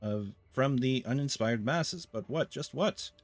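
A man voicing an excitable male court artisan who gushes with eager enthusiasm. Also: mid-range voice, unhurried, dry recording, faint music behind, lightly acted. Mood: excited.

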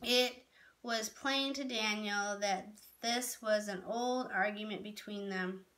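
A woman storyteller reading a novel aloud in a measured, expressive way. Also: medium pitch.

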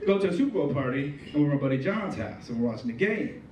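A stand-up comedian tells animated stories during his comedy club set, acting out voices as he goes. His voice is on the high side and fast, captured by a distant mic in an echoey room with crowd noise.

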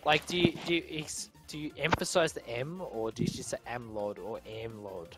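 A man's voice: fairly high pitch, fairly quick, music in the background. A young man chatting crudely and joking with friends over voice chat while streaming a game, laughing often. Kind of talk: casual chat with friends on voice call.

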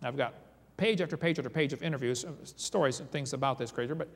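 In a husky, creaky, medium-pitched voice, a man talks fast through a creation seminar lecture, dramatizing stories and reading eyewitness accounts aloud with emphasis. The setting is a large hall or church, with long reverb on the recording.

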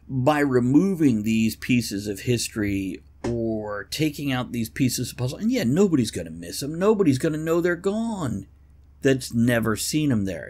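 A man's voice: medium pitch, a little mellow. Opinionated guy on a podcast, bouncy up-and-down voice, cusses a lot. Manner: opinionated, swears freely, joking. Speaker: podcast co-host. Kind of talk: casual chat.

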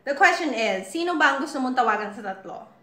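A woman's voice: high-pitched, lively intonation, quick pace, pushed and bright. Playful Filipino woman host, echoey room. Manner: playful, teasing, mixes Tagalog and English. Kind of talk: casual live-stream chat.

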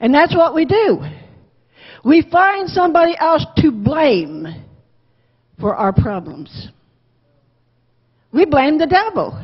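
A woman teaching a Bible lesson to a Sunday school class, lively, acting out the quotes and asking the class questions. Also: high-pitched, takes it slowly, pauses often. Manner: animated, acts out quotes, asks class questions. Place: church classroom. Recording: dull lo-fi with long church reverb.

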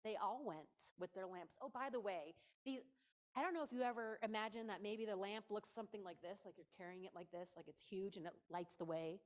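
A woman's voice: medium pitch, a little fast. A woman preaching a conversational sermon in a church, playful and emphatic, often stopping to speak directly to her listeners.

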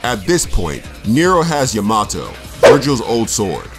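A man's voice: medium pitch, very animated, unhurried, over loud music. A man co-hosting a comedic game story recap, narrating plainly with wry asides. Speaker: co-host.

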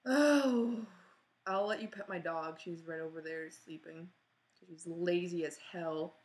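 A woman's voice: deep voice, level tone, moderate pace, rough recording. A woman rambling through an awkward, self-mocking apology video at home, recorded on her computer. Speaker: vlogger. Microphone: computer mic.

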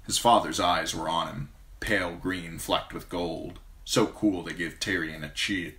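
Man, audiobook narration, low voice, bright tone, steady pace. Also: a little slow, hardly any pauses. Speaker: amateur audiobook reader.

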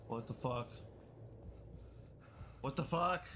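A man's voice: mid-range voice, animated, normal speed, sharp tone, slight background noise. Jumpy, swearing male game streamer. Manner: jumpy, profane, nervous reactions. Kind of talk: live horror gameplay commentary.

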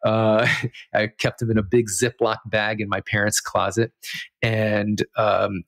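A man's voice: on the low side, level tone, a little slow, vocal fry, fairly bright tone, no room sound. A man who grew up in Israel, a podcast guest telling a childhood story in a rambling, self-amused way with many fillers. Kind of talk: casual storytelling.

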